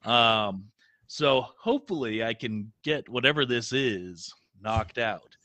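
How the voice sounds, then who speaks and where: Congested man, stuffy nose, halting casual podcast talk, bright tone, dry sound. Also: mid-range voice, animated, dry recording. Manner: halting, many fillers and restarts. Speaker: podcast co-host. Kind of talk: casual live podcast chat.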